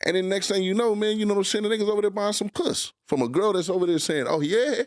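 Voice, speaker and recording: A man's voice: high-pitched, very fast, no room sound, clean studio sound. A man co-hosting a podcast in casual banter, telling profane stories with lots of acted-out quotes. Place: podcast studio.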